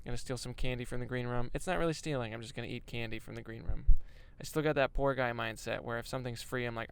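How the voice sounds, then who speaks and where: Rambling young comedian talking while driving. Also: male voice, mid-range voice, fairly even intonation, fast, gravelly, few pauses, fairly bright tone, clean tone. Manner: rambling, self-deprecating, swears freely. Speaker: stand-up comedian. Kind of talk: casual vlog chat while driving. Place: inside a moving van.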